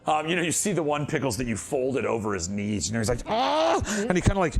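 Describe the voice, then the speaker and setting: A man running a tabletop fantasy game, his voice gravelly with a rough edge. He swings through a wide, lively pitch range as he narrates. Playful asides keep the story loose. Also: rapid-fire. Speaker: dungeon master.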